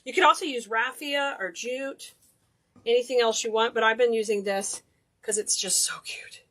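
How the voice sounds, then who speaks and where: A woman's voice: fairly high pitch, moderate pace, a bit bright. A woman hosting a casual DIY craft tutorial, chatty and enthusiastic, gushing over cute details. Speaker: craft video host.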